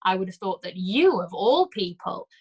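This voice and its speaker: A woman voicing a blunt, mocking old village woman who speaks loudly, briskly and with scorn. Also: mid-range voice, very animated, slightly rough, muffled recording. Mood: derisive.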